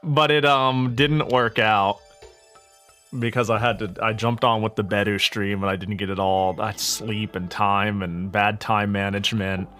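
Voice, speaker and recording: A man's voice: lowish voice, steady tone, measured pace, bright, forceful tone. A male streamer rambling through a casual gaming session. He jokes, swears freely and keeps restarting his sentences, with faint music under him. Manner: rambling, joking, swears often, frequent self-corrections.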